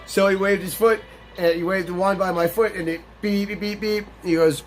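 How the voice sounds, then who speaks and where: Young male gaming host, slightly high voice, casual and profane, telling stories over faint game music. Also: fairly quick. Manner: profane, rambling, animated storyteller. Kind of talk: casual let's-play commentary with storytelling.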